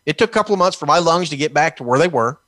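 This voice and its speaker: A man's voice: fairly high pitch, lively intonation, very fast, a bit bright, no room sound. A man from Texas giving a heated political talk, combative and sarcastic, mocking officials as he goes. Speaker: political commentator.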